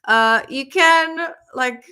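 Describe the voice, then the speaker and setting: Giggly Czech-accented woman, bright voice. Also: high-pitched, very slow. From Czech Republic. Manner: giggly, chatty, lots of fillers. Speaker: host. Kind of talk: casual chat with viewers.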